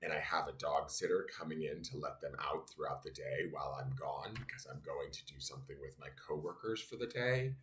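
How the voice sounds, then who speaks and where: A man's voice: rumbling low, fairly quick, few pauses, fairly bright tone. A man giving a casual daily tarot reading, angry and venting as he explains the cards. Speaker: tarot reader. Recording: echoey room, faint noise.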